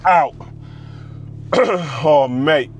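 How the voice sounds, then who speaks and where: A young man, a car vlogger boasting loudly in street slang as he drives country roads, his voice going hoarse. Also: on the high side, drawn-out words. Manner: boastful, loud bursts of hype, street slang. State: losing his voice. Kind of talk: excited in-car commentary. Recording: car noise behind the voice.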